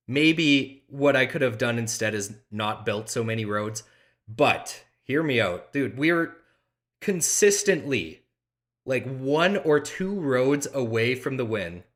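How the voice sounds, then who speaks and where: A man doing live commentary over an online board game, his talk slow and drawn out. He vents at other players, swearing often, and his irritation shows in almost every remark. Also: medium pitch, expressive, a bit bright. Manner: frustrated, swearing, reacting aloud to play. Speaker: game streamer.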